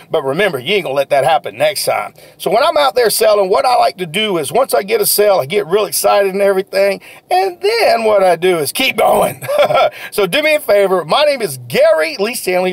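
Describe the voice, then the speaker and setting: A man giving an energetic, folksy motivational talk as a sales coach, repeating his key phrases. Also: high voice, gravelly, no room sound.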